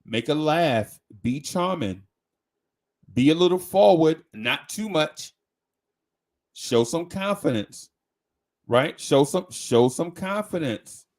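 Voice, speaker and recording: A man's voice: fairly high pitch, lively intonation, slow pace, pauses often, a little mellow. A man hosting a live talk show, chatting casually in slang, with lots of restarts and repeated words. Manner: slangy, conversational, asks "right?".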